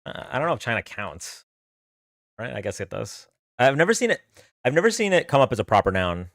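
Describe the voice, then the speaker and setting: A man's voice: mid-range voice, big pitch swings, fairly quick, creaky, fairly bright tone, no echo, studio quality. A man hosting a live stream, tired from a sleepless night, chatting casually and hesitantly with his chat. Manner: hesitant, restarts and mutters while playing along. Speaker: livestream host.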